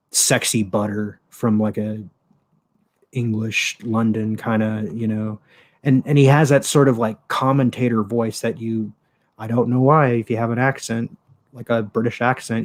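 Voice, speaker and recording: Rambling, flat-voiced man hosting a show. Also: medium pitch. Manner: rambling, profane, lots of fillers. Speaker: show host. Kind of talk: casual solo commentary. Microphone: desktop microphone with pop filter.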